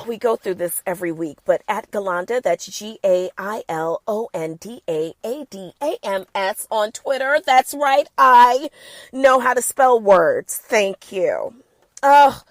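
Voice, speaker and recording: A woman hosting a casual podcast, sassy and animated, talking while she has a cold. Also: medium pitch, a little slow, no echo. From the Bronx. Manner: sassy, animated, playful asides. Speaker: podcast host. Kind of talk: casual chat.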